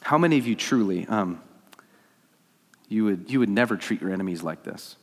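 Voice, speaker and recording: Male preacher with a low voice, delivering a sermon with dramatic shifts from loud to hushed, in a reverberant hall. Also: moderate pace. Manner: animated preaching, voices God's pleas, swings from loud to hushed. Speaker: pastor.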